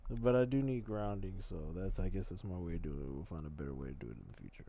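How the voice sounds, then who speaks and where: Speaking fast in a low voice, this man rambles through profane, loose reactions to videos. His volume swings from loud outbursts to muttering.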